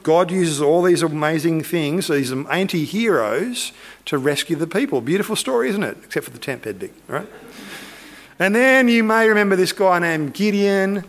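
A man preaching a sermon, retelling a story in a lively, animated way and acting out the characters' lines. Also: high voice, normal speed. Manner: animated, acts out characters' voices.

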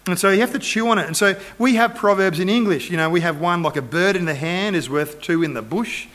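A middle-aged man preaching a relaxed, conversational sermon, telling stories and acting out the voices in them. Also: high voice, a little fast. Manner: conversational storytelling, acts out quoted voices. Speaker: pastor.

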